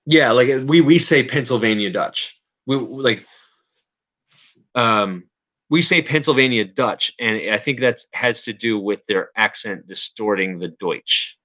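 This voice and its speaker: A man's voice: mid-range voice, a little slow, pushed and bright, low-quality recording. A man hosting a casual livestream chat, rambling and hesitant, often restarting and correcting himself. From Canada. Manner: rambling, hesitant, self-correcting with many fillers. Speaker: livestream host.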